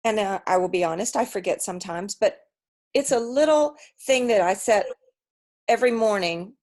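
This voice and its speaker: A woman's voice: mid-range voice, normal speed, darkish tone. A woman hosting a conversational interview over a video call, chatty and candid, often jumping in with asides. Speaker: interview host.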